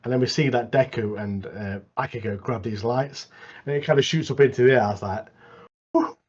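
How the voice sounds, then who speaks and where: A man, co-hosting a podcast in animated casual chat. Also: medium pitch, fairly quick, slightly rough. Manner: animated, repeats mate a lot. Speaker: podcast co-host. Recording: dull lo-fi mic.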